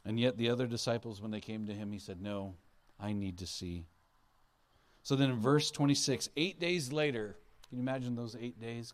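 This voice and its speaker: A man's voice: medium pitch, moderate pace. A male pastor preaching an Easter sermon, earnest, his voice rising and falling for emphasis as he acts out quotes.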